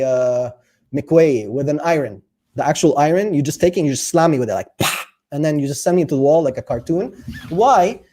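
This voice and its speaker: Playful man, mellow voice. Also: a little high. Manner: animated, playful, acts out quotes. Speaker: relationship talk host. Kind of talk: casual live talk to viewers.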